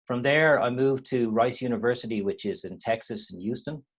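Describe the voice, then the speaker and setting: A man in his thirties with an Irish accent, giving a relaxed webinar talk on a video call, with frequent restarts. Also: mid-range voice, moderate pace. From Ireland. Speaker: university lecturer.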